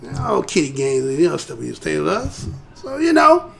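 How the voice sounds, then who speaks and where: American male host, high voice with gravel, chatty rhetorical commentary full of tag questions. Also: wildly swooping pitch, normal speed. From United States. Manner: conversational, rhetorical, tags points with "right?". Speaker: live show host. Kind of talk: casual commentary.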